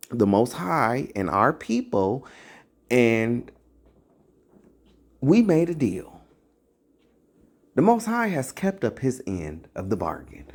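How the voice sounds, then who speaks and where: Slow, preachy voice swinging widely in pitch. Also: a little mellow. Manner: preachy, rhetorical, scolding, repeats phrases for emphasis; casual slangy speech. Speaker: self-styled religious teacher. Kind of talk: impassioned religious monologue to camera.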